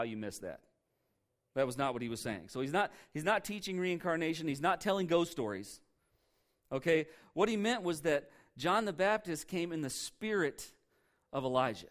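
A pastor preaches to his congregation in a fairly high voice, leaning hard on key words. He keeps it conversational, tossing rhetorical questions out to the room. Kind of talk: sermon.

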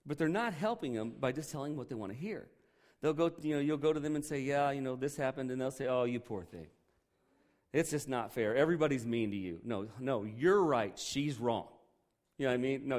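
A man teaching a Bible lesson as a relaxed, joking sermon. He talks to listeners like a friend, drops in quick asides and checks in with "okay" and "right". He slows down on the words he wants to stress, with a mid-range voice. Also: mid-range voice.

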